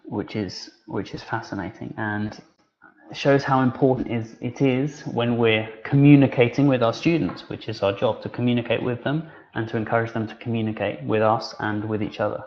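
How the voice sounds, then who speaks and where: A man's voice: medium pitch, normal speed, highs cut off. Chatty male teacher trainer on a webinar. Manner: relaxed, conversational, with many fillers and restarts.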